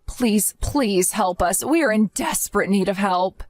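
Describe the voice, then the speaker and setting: A woman's voice: mid-range voice, lively intonation, measured pace, dry recording, close to an everyday voice. A woman voicing an exhausted young mother in a family drama who apologizes and begs for help. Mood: pleading. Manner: apologetic, pleading.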